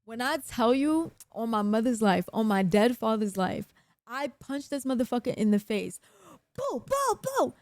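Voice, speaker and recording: A young woman, telling a story on a live stream in a casual, animated, profane way and acting out other people's lines. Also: a little high, moderate pace, no echo.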